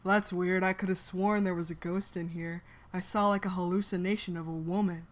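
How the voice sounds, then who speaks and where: Girl doing a tired messy guy voice, a bit low, flustered and guarded. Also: fairly even intonation, close to an everyday voice. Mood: puzzled. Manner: halting, defensive, flustered. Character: tired haggard young man hiding his feelings.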